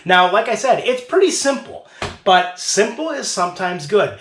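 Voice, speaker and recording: A man hosting a casual beer tasting review, talking in a playful, drawn-out way as he sips and describes flavors. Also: high voice, very animated, fairly bright tone, echoey room, a little hiss or hum.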